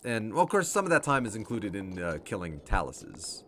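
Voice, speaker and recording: A man's voice: lowish voice, big pitch swings, moderate pace, a bit bright, slight background noise. A man giving casual let's play commentary who thinks aloud, laughs often and swears freely. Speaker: game streamer.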